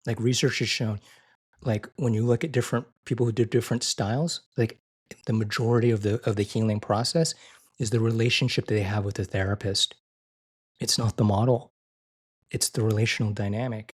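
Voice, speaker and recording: A man talking as a podcast guest in an earnest, conversational way, often repeating and restarting phrases, and his voice lifts higher and softer when he quotes tender words. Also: fairly even intonation, a little fast, husky. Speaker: guest, physician and IFS therapist.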